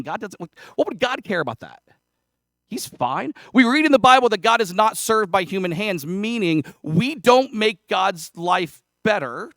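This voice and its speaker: A man's voice: sits high, a bit bright, no room sound, clean studio sound. A male pastor preaching a sermon in a conversational, self-deprecating way, with casual asides. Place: church sanctuary.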